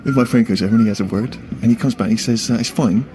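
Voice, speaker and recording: A man co-hosting a radio chat show, telling anecdotes in an animated, exasperated way. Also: on the low side, very fast, noisy background.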